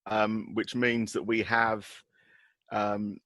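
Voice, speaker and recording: A man's voice: on the low side, level tone, slow, fairly bright tone, dry recording. A man hosting a podcast, thanking the guest and moving the show on to the next segment. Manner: friendly, wraps up the show and hands over to others. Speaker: podcast host.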